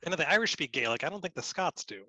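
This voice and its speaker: A man's voice: fairly high pitch, animated, rapid-fire, bright, forceful tone, no room sound. A man co-hosting a casual podcast chat, friendly and plainspoken. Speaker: podcast co-host.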